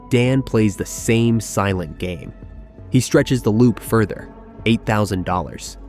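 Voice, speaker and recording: A man tells a true-crime style story in scripted narration, his voice sitting on the low side. He builds tension with clipped sentences and deliberate pauses. Quiet music plays underneath. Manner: tense, measured storytelling with dramatic pauses. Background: background music.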